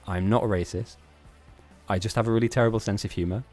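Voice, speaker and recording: A man's voice: fairly low pitch, steady tone, fast, a little mellow, faint music behind. A man hosting a live-streamed game tournament, chatting casually in a rambling, self-mocking way with frequent laughs.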